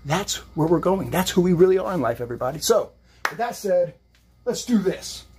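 A man's voice: sits high, expressive, fast talker, darkish tone, slight background noise. A man giving a casual, motivational live-stream tarot reading while lifting weights, rambling and upbeat. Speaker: psychic and fitness streamer.

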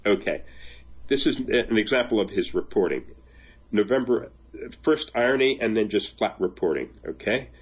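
An older man, guest in a conversational interview, reflects on translating a memoir, reading bits aloud and laughing occasionally. His voice sits on the low side, husky and animated, at a moderate pace.

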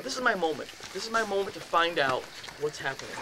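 A man telling a ghost story to a group in a house, animated and acting out voices and sound effects. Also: on the high side, fast, background noise.

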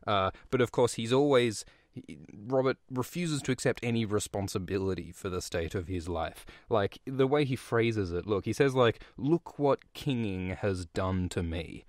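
A man's voice: fairly low pitch, moderate pace, no echo, clean studio sound. A man hosting a podcast, retelling a book chapter in an irreverent, sweary comedic style with frequent fillers. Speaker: podcast host.

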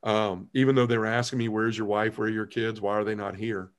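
An earnest man, a podcast guest, gives his personal testimony in conversation, telling it as a story with halting restarts. His pitch moves little, and his voice drops low when he gets emotional.

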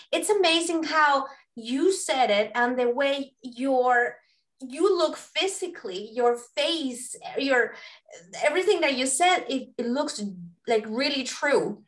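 A woman's voice: sits high, fairly bright tone. A woman hosting a radio interview, earnest and rambling, often restarting her sentences, a native Spanish speaker talking in English. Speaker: host and parenting facilitator. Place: radio studio.

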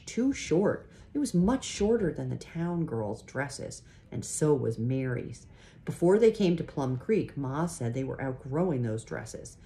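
A woman reading a children's chapter book aloud in a gentle, unhurried way, pausing to show the pictures. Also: extremely low pitch. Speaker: reader.

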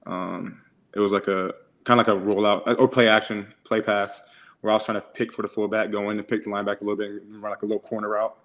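A young man in his twenties with a lowish voice co-hosts a casual podcast. He rattles through stories quickly in a flat tone, slangy and profane, leaning on "like" constantly. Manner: slangy, profane storytelling with many "like"s. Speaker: podcast co-host. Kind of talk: casual chat.

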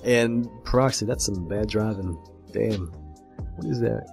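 A man giving excited casual commentary as he flips through a comic, gushing and swearing freely. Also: fairly low pitch, measured pace, creaky. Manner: animated and gushing, swears freely, mimics characters. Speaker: video creator reviewing a game comic. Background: faint background music.

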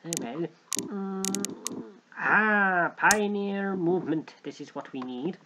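A man's voice: high-pitched, takes it slowly, sharp tone, dull audio, slight background noise. A young man hosting a let's play, joking and rambling as he reads game text aloud. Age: young adult. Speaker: gaming channel host.

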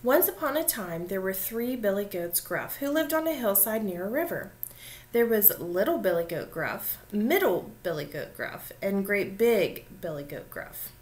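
A woman reading a children's storybook aloud, slowing down to dwell on dramatic details. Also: medium pitch, animated.

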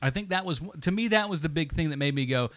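A man's voice: fairly high pitch, fast talker, dry recording. A man co-hosting a movie podcast, rambling and joking in casual chat. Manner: animated, rambling, jokey asides. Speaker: podcast co-host.

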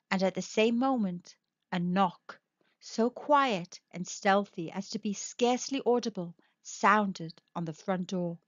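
A woman's voice: fairly high pitch, fairly bright tone, no echo. A woman storyteller narrating a spooky classic tale in a dramatic, suspenseful way. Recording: dull, dry lo-fi recording.

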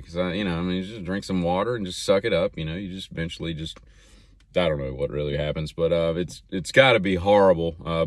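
A man's voice: low-pitched, fairly bright tone, no room sound. A Southern American man hosting a casual solo talk show, rambling and chatty with many fillers and restarts. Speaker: podcast host.

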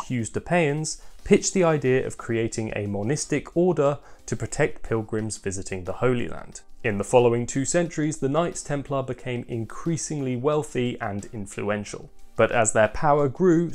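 A man's voice: mid-range voice, a little mellow. A young man narrating a scripted book review video with wry, dry asides.

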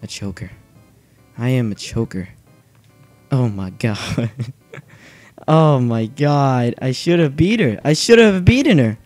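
A young man commenting on his own video game play, nervous and self-mocking, breaking into shouts. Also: mid-range voice, expressive, takes it slowly, long pauses, soft background music. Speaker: gaming channel host. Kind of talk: excited let's play commentary.

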